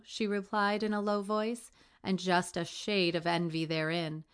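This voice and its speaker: A woman's voice: lowish voice, level tone, measured pace, clean tone. A woman reading a classic adventure novel aloud as narration, lightly shifting her voice for the characters' lines. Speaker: audiobook reader. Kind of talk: scripted narration.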